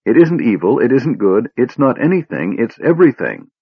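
A man's voice: medium pitch, big pitch swings, moderate pace, husky, lo-fi sound, voice pushed up. A man reading aloud who voices an earnest, determined young elf woman, speaking urgently.

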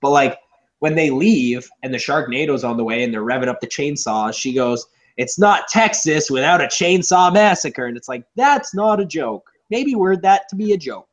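A man co-hosting a casual movie review chat, sarcastic and animated, swearing freely. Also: medium pitch, moderate pace. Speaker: podcast co-host. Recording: dull lo-fi audio.

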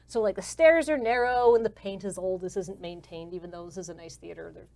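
A woman's voice: on the low side, fairly quick, vocal fry, a little mellow. A woman narrating a tabletop game as game master in a casual, descriptive way. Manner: casual, descriptive, many fillers.

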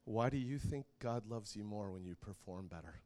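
A middle-aged man preaching a sermon, telling a personal story in an animated way and laughing often. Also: fairly low pitch, normal speed.

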